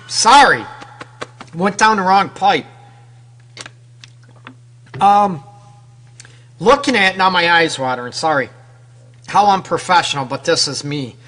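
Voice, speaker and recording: A man with a high, sharp voice and lively intonation speaks slowly, pausing often. As a radio relationship counselor, he keeps talking directly and casually to women listeners, asking rhetorical questions and ending lines with "right?"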